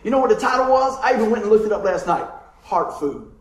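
A man preaching a sermon, telling stories in a lively way and calling out for amens from his congregation. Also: sits high, fast talker. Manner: lively storytelling, calls for amens. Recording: roomy echo.

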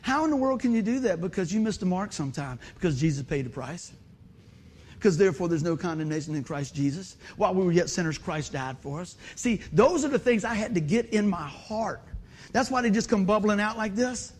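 A man giving an informal, folksy sermon, lively and excitable, talking straight to the congregation. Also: sits high, a little fast, husky. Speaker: lay preacher.

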